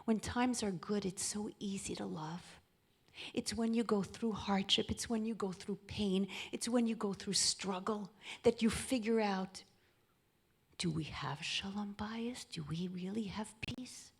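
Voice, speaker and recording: A woman giving an inspirational talk on marriage, often dropping into a soft, intimate near-whisper. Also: mid-range voice, measured pace, breathy edge. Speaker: speaker at a charity event.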